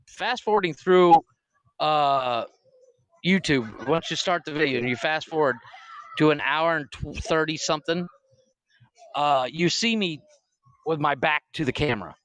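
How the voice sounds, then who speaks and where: Laughing, swearing podcast co-host, dry close mic. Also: male voice, a little high, moderate pace, bright, forceful tone, dry recording. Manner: storytelling with frequent laughter, swearing. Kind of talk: casual comedy podcast chat.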